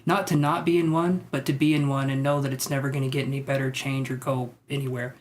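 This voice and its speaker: Reading tarot live for an online audience, this man speaks fast with a mid-range voice that barely shifts in pitch. He's tentative and reflective, filling his thinking-out-loud with fillers while offering viewers reassurance.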